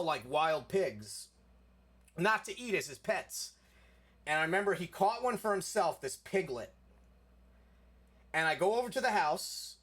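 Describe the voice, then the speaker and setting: Young man, casual storyteller, filler-heavy and loose, voice a touch higher than average. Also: a bit bright. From South Florida.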